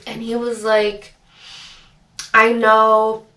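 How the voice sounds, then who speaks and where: A young woman vlogger telling a storytime story in a chatty, animated way, full of filler words. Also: mid-range voice, drawn-out words, pauses often. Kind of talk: storytime chat. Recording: roomy echo, distant mic.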